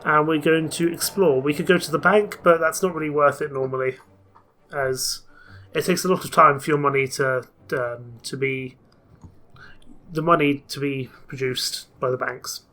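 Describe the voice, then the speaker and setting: A man's voice: fairly high pitch, fairly even intonation, moderate pace, bright, forceful tone. A man playing a story game, reading its text aloud and chatting about his choices. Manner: chatty, mixes reading with plans. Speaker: game player.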